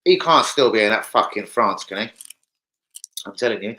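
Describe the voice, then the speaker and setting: A man's voice: mid-range voice, sing-song, fairly quick, pushed and bright, low-quality recording. A young man chatting casually on a football fan livestream, rambling, swearing and reading out viewer comments. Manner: swearing, rambling, reads chat aloud. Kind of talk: casual live-stream chat.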